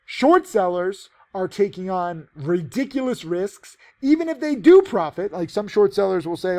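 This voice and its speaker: Man, stock trading teacher, casual trade recap, high-pitched, gravelly, emphatic and rambling. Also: sing-song, moderate pace, hardly any pauses, darkish tone. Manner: rambling and emphatic, many fillers.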